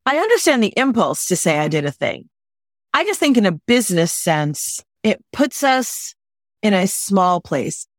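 Woman guest on a podcast, lively and emphatic, acts out quotes, dry close sound. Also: medium pitch, a little slow, dry recording. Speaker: guest, wedding planner. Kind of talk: casual podcast chat. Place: lives in Los Angeles.

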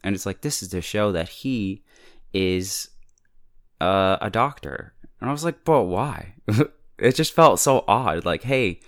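Chatty low-voiced man recapping a show. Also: lively intonation, unhurried. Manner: chatty, filler-heavy, laughs often. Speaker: TV episode reviewer. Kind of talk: casual recap commentary.

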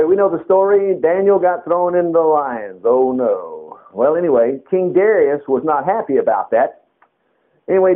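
A man teaching the Bible on a radio program, reading verses aloud and commenting on them in an animated way with playful asides. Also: a little high. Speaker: preacher. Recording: tinny phone-like radio broadcast.

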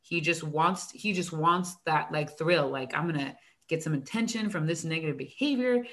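A young woman, a teacher, chatting casually and acting out her students and herself in animated stories. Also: deep voice, moderate pace. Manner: animated storytelling, acts out student dialogue, frequent "like". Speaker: elementary school teacher. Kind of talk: casual chat.

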